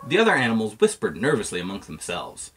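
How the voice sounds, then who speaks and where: A man's voice: lowish voice, wildly swooping pitch, fast, a bit bright, slight background noise. A man reading a children's picture book aloud in a playful storytelling manner. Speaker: reader.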